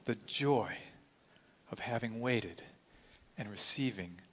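A man in his sixties preaches slowly, his bright voice carrying a long reverb through a church sanctuary. He is dramatic, swinging from hushed to exclaiming. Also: lowish voice, expressive. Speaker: pastor. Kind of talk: sermon.

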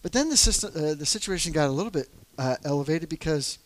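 A middle-aged man speaks about faith in a relaxed, conversational way. He tells on himself with candid, self-deprecating humor, padding his sentences with fillers and restarts. His voice sits slightly higher than most men's. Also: fast talker. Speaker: church elder. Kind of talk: casual talk on faith.

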